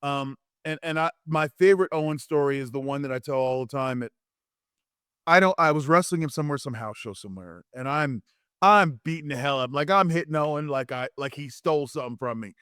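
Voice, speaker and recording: A man in his fifties, a former wrestler and interview guest, telling lively anecdotes and acting out quotes with frequent restarts. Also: on the high side, fairly quick, clean tone, no room sound, studio quality. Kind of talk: animated storytelling in a podcast interview.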